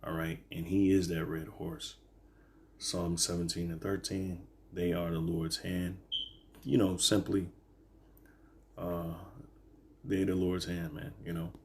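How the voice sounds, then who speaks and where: Very deep-voiced man teaching scripture. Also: level tone, creaky, darkish tone, a little hiss or hum. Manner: halting, many fillers and "all right"s; reads verses slowly then explains. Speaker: bible teacher.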